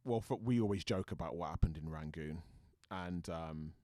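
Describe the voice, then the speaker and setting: A man's voice: deep voice, moderate pace, warm tone, no echo, clean studio sound. A British man, an actor guest, chatting thoughtfully in an interview and often restarting his sentences. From Britain. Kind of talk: casual interview chat.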